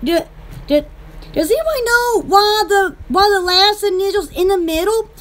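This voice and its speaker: A woman's voice: extremely high pitch, animated, normal speed, a bit bright. A woman with a Southern US accent doing casual home-shopping chat about her shop's products, rambling, giggling and exclaiming often. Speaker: small shop owner promoting products.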